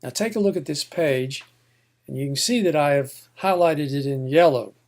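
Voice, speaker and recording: A man teaching Greek pronunciation to a class, sounding out each word slowly and deliberately. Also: fairly high pitch, a little mellow. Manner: slow, deliberate, sounds out words syllable by syllable. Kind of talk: recorded Greek pronunciation lesson.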